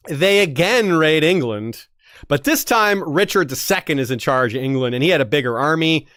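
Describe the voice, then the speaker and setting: A man's voice: a little high, moderate pace, dry recording, studio quality. A man hosting a history podcast, telling the story in a casual, joking way with frequent restarts. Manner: joking, animated, restarts often.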